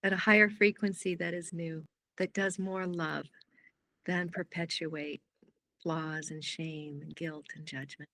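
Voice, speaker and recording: A woman on a group video call sharing a reflection softly and contemplatively. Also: low voice, fairly even intonation, measured pace, dry recording. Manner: soft, contemplative, trailing off. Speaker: call participant.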